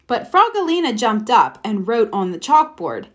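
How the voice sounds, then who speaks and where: A woman reading a children's picture book aloud, with an expressive, unhurried manner. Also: a little high. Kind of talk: read-aloud storytelling.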